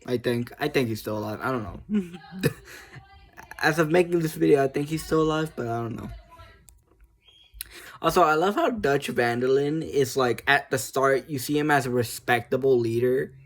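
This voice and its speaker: A man's voice: mid-range voice, normal speed. A man making a video, chatting casually and rambling, laughing often and joking at his own expense. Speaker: video creator. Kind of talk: casual chat about a video game.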